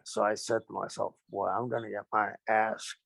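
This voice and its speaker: This older man, a retired pro wrestler appearing as an interview guest, tells animated stories at a normal speed. His gravelly, fry-tinged voice has a middling pitch, and he acts out each exchange's quotes. The audio is dry and close, with no room sound.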